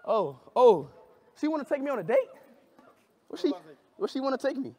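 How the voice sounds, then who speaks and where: Loud high-pitched excitable young man. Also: moderate pace, slightly rough, dry recording. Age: young adult. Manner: loud, excitable, shouting bursts and laughter. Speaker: streamer. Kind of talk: excitable vlog chat.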